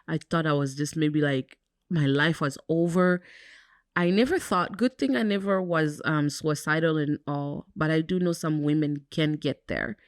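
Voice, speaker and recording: As a podcast co-host, a young woman with a notably low voice speaks candidly and reflectively in a casual chat, her loose speech full of "um" and "like." The recording is close and dry, without room sound or echo.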